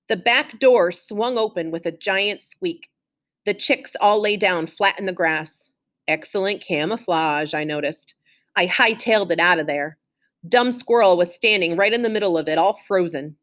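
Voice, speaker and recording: A woman reading a children's chapter book aloud in an expressive, animated way. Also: mid-range voice, normal speed. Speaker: reader.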